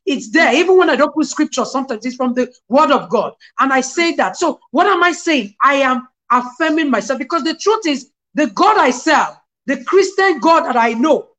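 A middle-aged woman, a guest on a video call, telling lively personal stories and quoting scripture. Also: high-pitched, moderate pace, hardly any pauses. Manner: animated storyteller, quotes scripture. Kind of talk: casual interview, personal testimony.

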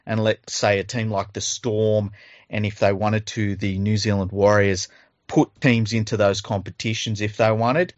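A man's voice: on the low side, little pitch movement, a little slow, no echo. A man with an Australian accent co-hosting a rugby league podcast, in casual banter that rambles and swears freely. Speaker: podcast co-host. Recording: dull lo-fi audio.

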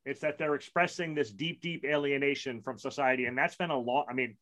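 A man argues his point in a casual chat, stressing words by repeating them. His voice is mid-pitched, and he talks with firm conviction. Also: fairly even intonation, fairly quick, fairly bright tone. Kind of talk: casual discussion.

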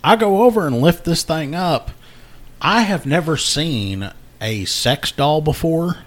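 A man's voice: fairly high pitch, measured pace. Man telling a story casually. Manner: animated storyteller, acts out quoted voices. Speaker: podcast co-host telling a work story.

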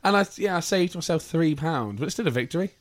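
A man's voice: a little high, lively intonation, fast. A man co-hosting a podcast, telling a story wryly and teasing his friends. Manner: wry storytelling, teasing banter. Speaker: podcast co-host. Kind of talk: casual chat.

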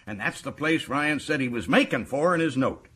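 An actor playing a boastful, folksy American prison governor in a radio drama, with an American accent. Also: male voice, medium pitch, lively intonation, moderate pace, fairly bright tone, husky. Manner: boastful, folksy and self-satisfied.

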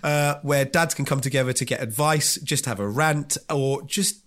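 A man's voice: medium pitch, normal speed, a bit bright. A man hosting a podcast, chatty and joking with lots of fillers. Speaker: podcast host. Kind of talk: casual podcast chat.

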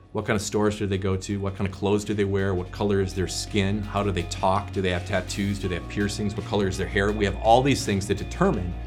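A male pastor teaching a short devotional in an earnest, conversational way, with prayers. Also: fairly low pitch.

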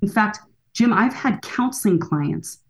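A woman's voice: medium pitch, animated, unhurried. A woman in her sixties, a counselor and author, speaking earnestly and emphatically as a guest in a podcast interview. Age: 60s.

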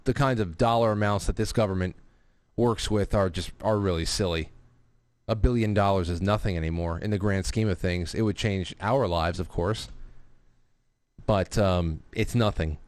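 A man's voice: fairly low pitch, dry recording. Rambling male talk show host, dry sound. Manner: rambling, restarts, profane asides. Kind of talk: casual live-stream talk, reading super chats.

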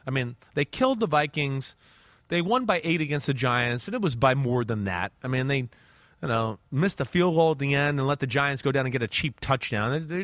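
A man's voice: mid-range voice, a bit bright, no room sound. A man giving casual football analysis in a loose, rambling way with restarts and the odd curse. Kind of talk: casual sports talk.

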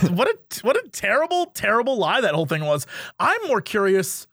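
High-voiced young man telling a story. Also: normal speed, no echo, studio quality. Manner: animated, laughing, self-amused storyteller. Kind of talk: casual storytelling chat.

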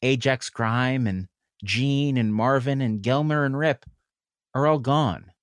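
A man narrating a tabletop role-playing game as game master in a calm, measured way. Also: medium pitch, no room sound, studio quality.

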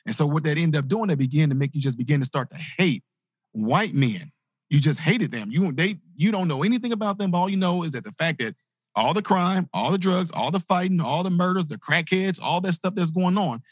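A man, a motivational speaker, telling a personal story in an animated way and acting out the voices of the people in it. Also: a little high, fairly quick, slightly rough, dry recording, clean studio sound. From grew up in inner-city projects. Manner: animated, acts out quoted voices. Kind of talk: storytelling talk.

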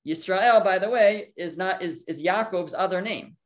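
A teacher works through a Torah lesson out loud. The talk moves from question to answer, stopping to translate Hebrew terms along the way. The voice sits at a middle pitch. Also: normal speed. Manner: thinks aloud, poses questions and answers them.

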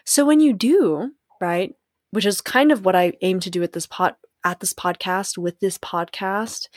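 A young adult woman thinks out loud on her own podcast, candid and reflective, often breaking into a laugh. She now and then acts out the voices in her head. Her voice sits at an ordinary middle pitch, recorded dry and close with no room sound. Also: dry recording. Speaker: podcast host. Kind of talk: solo podcast monologue.

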